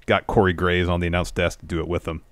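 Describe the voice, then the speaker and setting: A man co-hosting a podcast, calmly summarizing a wrestling show in a low-key, matter-of-fact way. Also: quick pace, no room sound. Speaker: podcast co-host. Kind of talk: casual wrestling recap.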